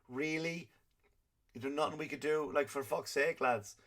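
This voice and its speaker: A man's voice: a little high, brisk, a bit bright. A man hosting a comedy podcast, ranting and swearing constantly in an exasperated, comic way. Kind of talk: profane comedic rant.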